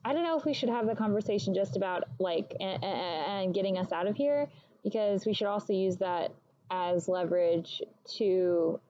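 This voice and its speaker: A woman's voice: mid-range voice, normal speed, mellow, dull audio. A woman playing in a tabletop game, talking casually and hesitantly as she searches for words. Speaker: player. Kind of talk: casual tabletop play chat.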